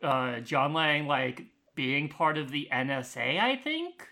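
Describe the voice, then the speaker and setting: A man's voice: a little high, animated, takes it slowly, creaky, sharp tone. A man co-hosting a podcast in loose casual chat, full of "like" and fillers. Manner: loose, filler-heavy, lots of "like". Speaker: podcast co-host.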